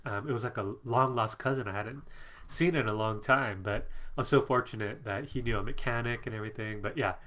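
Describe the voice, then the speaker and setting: This man has a bright, mid-range voice and is stuffed up from allergies as he chats on a live stream. He's a psychic coach working from his home office, keeping the talk casual, laughing a lot and reading viewer comments aloud.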